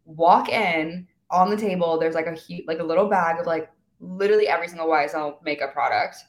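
A woman's voice: on the low side, brisk, echoey room. A young woman in her twenties telling a story in casual chat, full of fillers and acted-out quotes. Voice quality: valley-girl filler talk, animated quoting. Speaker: guest influencer.

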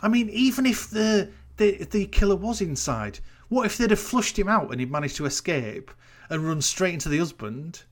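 This man's voice sits high and animated, moving at a moderate pace as he recaps a TV episode in casual podcast conversation. An incredulous storyteller, he rants and swears about all the plot holes.

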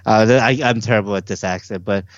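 A man's voice: on the low side, fast, no echo, highs cut off. A man co-hosting a casual podcast, reading listener comments aloud and laughing often.

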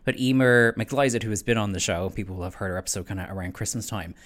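A woman hosting a podcast in casual chat, relaxed and chatty. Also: rumbling low, quick pace. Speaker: podcast host.

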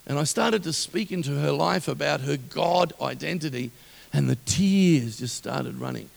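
Gravelly New preacher in a hall. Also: male voice, fairly high pitch, expressive, moderate pace. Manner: impassioned storytelling, rising to loud exhortation. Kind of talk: sermon. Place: church hall. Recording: long reverb of a large hall.

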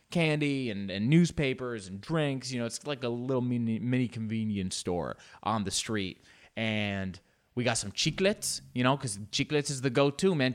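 Rambling, playful male storyteller. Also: medium pitch. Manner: rambling, loose, full of fillers and restarts, playful asides. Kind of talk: storytelling comedy monologue.

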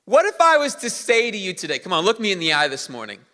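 Bright animated preacher in a reverberant hall. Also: male voice, sits high, quick pace. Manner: animated preaching, leans on the congregation. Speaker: pastor. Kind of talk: sermon.

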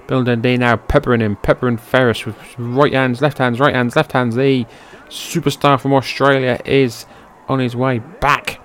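An excitable man calls a wrestling match play by play into his own microphone, with a voice of ordinary pitch for a man. He drifts between quiet, offhand description and sudden loud, high-pitched shouts, and swears when things go wrong. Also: normal speed, few pauses. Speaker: wrestling commentator. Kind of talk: amateur play-by-play commentary over old footage. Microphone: personal microphone.

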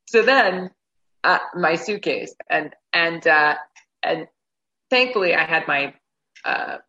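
A low-pitched woman with a bright, forceful edge tells a story casually and acts out her own reactions. The recording sounds a bit dull and lo-fi. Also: lively intonation, slow pace. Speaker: guest telling a travel story.

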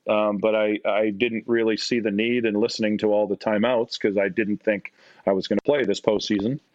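A middle-aged man with a Canadian accent, a podcast guest telling stories in a casual, animated way. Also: moderate pace, dry recording. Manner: animated, acts out quotes in a higher voice. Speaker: podcast guest, former basketball player. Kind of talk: casual storytelling. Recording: dry, slightly dull audio.

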